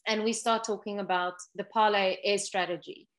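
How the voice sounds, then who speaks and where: Woman interview guest, mid-pitched, earnest and methodical in explaining. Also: fairly even intonation, normal speed. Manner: earnest, explanatory, lists ideas step by step. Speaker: ocean education program guest.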